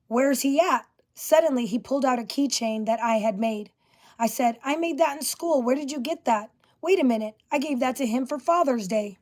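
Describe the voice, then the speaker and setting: A woman reading a first-person story written by her father, carrying the dialogue with quiet emotion and little change of voice. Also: fairly high pitch.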